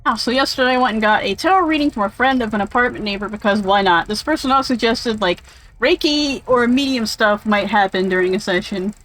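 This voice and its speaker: A woman with a somewhat high voice talks over a game she is playing. She rambles from one tangent to the next with plenty of fillers, chatty and opinionated, and swears offhandedly. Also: fairly quick, fairly bright tone, poor audio. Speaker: game streamer. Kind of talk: casual gameplay commentary.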